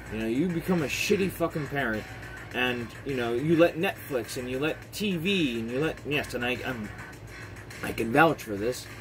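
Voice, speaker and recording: A man's voice: fairly high pitch, rough recording. A man vlogging an angry, profane rant, heated and repetitive, swearing often.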